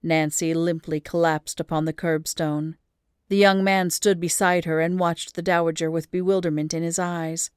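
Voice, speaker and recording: Woman narrating an old story, lively. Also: on the low side, normal speed, clear, resonant tone, no echo, studio quality. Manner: lively storytelling with rising emphasis in action scenes. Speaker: audiobook reader. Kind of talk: expressive audiobook narration.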